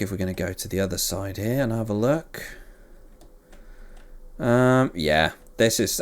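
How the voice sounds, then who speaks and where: A man hosting a game series, chatting casually and rambling with self-deprecating jokes as he plays. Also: deep voice. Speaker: let's play host. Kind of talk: casual gameplay commentary.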